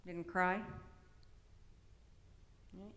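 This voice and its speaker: Middle-aged woman, low-ish voice, chatty presenter, roomy hall reverb. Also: level tone, very slow, a bit bright. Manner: conversational, frequent tag questions. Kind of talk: autism awareness talk. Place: church hall. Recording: echoey hall, long reverb.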